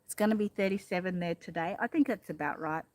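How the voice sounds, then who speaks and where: An Australian woman with a slightly low voice hosts a casual live stream from a backyard, talking into a phone propped up a little way off. She keeps it chatty and relaxed, greeting viewers by name and throwing in the odd mild swear word. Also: quick pace, no echo. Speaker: livestream host. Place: outdoors in a backyard. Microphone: phone propped on a ladder a little way off.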